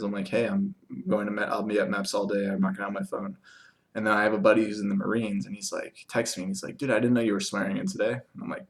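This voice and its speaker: A young man in casual storytelling mode, rambling with many fillers and acting out the conversations he recounts. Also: fairly low pitch. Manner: rambling, filler-heavy, acts out quoted exchanges. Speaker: vlogger.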